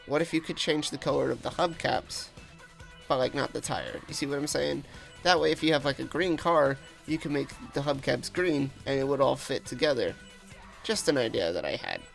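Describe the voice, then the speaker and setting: A man hosting a casual gaming video, rambling excitedly through his ideas with lots of filler words. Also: mid-range voice, creaky. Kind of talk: casual gaming predictions vlog.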